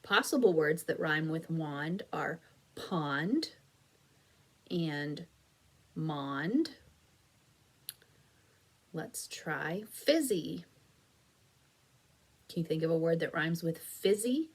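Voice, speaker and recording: Slow, patient woman teaching phonics. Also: deep voice, animated. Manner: slow, stretched-out clapping of syllables; encouraging, patient classroom tone. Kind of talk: recorded phonics lesson for young children.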